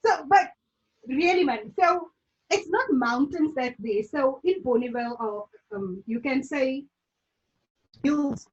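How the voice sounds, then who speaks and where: A South African woman talks in a rambling, easygoing way, her sentences full of "like." Her voice sits fairly high. The audio comes through a dull, lo-fi video call line. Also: lively intonation, takes it slowly. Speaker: guest. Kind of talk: casual chat.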